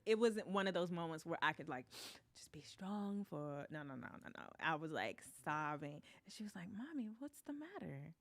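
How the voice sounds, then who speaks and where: Bright-voiced woman telling a story. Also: low-pitched, dry recording. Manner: expressive storyteller, acts out quotes. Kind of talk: casual conversation.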